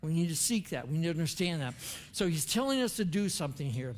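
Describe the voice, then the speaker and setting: Older male pastor, conversational sermon delivery, slightly higher-pitched voice. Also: very animated, fast. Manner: earnest, conversational preaching with quoted prayers. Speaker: preacher. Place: church.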